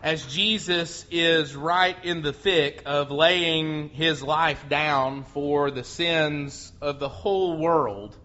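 A man preaching a sermon, slow and earnest, often restarting his words. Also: fairly high pitch, pushed and bright. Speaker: pastor. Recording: muffled lo-fi sound.

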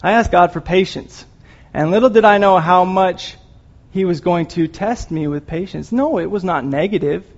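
A man's voice: high-pitched, moderate pace. A man giving an earnest, emotional sermon, rambling at times with restarts and apologies. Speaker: lay preacher. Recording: dull lo-fi recording.

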